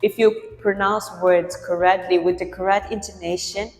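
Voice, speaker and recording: A woman pronunciation teacher talks through a lesson in a clear explanatory way, patiently repeating example words so learners can compare them. Her voice sits in a roomy space with a long reverb tail, and faint music plays underneath. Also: lowish voice, steady tone, normal speed.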